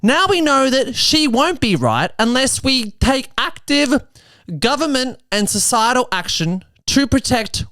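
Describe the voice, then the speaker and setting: A young Australian man in his twenties hosts his own podcast in a comedic monologue. His voice is smooth and resonant. It is recorded dry and close, with little room sound. He talks in a quick, chatty way, full of asides. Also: extremely high pitch, fairly bright tone, dry recording. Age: 20s. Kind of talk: comedic monologue turning to social commentary.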